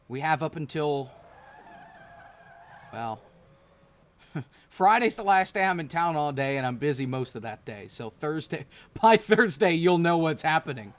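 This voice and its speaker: A man hosting a sim racing broadcast, talking casually and rambling with frequent restarts. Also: medium pitch. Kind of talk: live stream race commentary.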